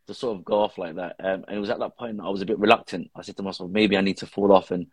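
His delivery races along in a low, husky voice with fairly even intonation, captured without any room sound. He's the podcast guest who makes videos with his daughter, recounting a sincere personal story sprinkled with Arabic religious phrases.

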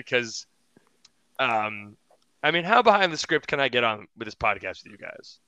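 A young man chats on a podcast, a wrestler telling a story with lots of restarts and laughs. His voice is bright and smooth, and it is recorded dry and close with no room sound. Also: medium pitch, big pitch swings, normal speed, no echo. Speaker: podcast guest, pro wrestler. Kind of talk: casual podcast chat.

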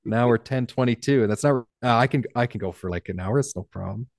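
Man, from Canada, podcast guest, candid, rambling, self-deprecating, mid pitch, dry sound. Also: fast talker, gravelly, no echo. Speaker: podcast guest, business owner. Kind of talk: casual interview chat.

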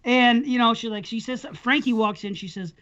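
A man's voice: very high voice, steady tone, moderate pace, pushed and bright, clear, resonant tone. Middle-aged man, podcast co-host, rambling profane storyteller, muffled lo-fi audio. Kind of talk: casual chat, storytelling. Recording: dull lo-fi sound.

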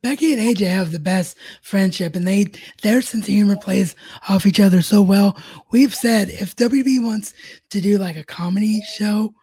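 A woman co-hosting a casual chat over a remote call, with a gravelly, husky voice. She is agreeable, often chiming in to agree, and steers the conversation back on track. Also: mid-range voice, normal speed, mellow. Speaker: podcast co-host.

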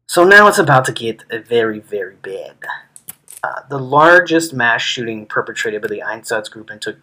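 A man's voice: lowish voice, bright, forceful tone, poor audio. A man co-hosting a history podcast in casual chat, blunt and profane, with a sarcastic edge. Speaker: podcast co-host.

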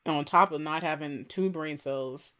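A woman co-hosting a casual talk show, relaxed and slangy as she recaps scenes. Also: low-pitched, a little slow. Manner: relaxed, slangy, acts out quoted lines. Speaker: podcast co-host recapping a show. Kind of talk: casual chat.

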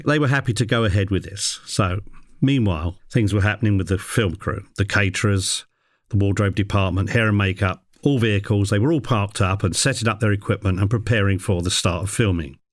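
A man's voice: brisk, dry recording. A man recalling a work story in a dry, wry storytelling manner. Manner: mimics a parrot in a high voice. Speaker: animal handler telling a story. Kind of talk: personal anecdote narration.

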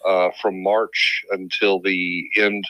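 A man's voice: sits low, flat delivery, slow pace, bright, forceful tone, dry recording, low-quality recording. A man with a Southern US accent from Georgia, a guest telling his story in a polite, easygoing way. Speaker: guest, sheriff's office deputy. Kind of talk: casual interview storytelling.

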